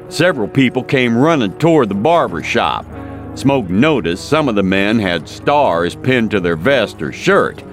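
Male narrator, lowish and expressive, dramatic audiobook reading, soft music underneath.

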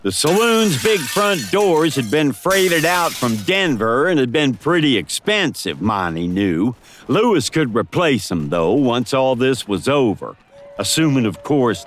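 A man narrating a western audiobook in a dramatic, expressive storytelling manner. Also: mid-range voice, slight background noise.

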